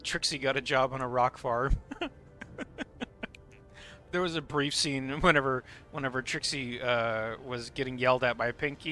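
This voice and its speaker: A man's voice: medium pitch, measured pace, sharp tone, faint music behind. A man chatting casually on his live game stream, laughing often and swearing freely.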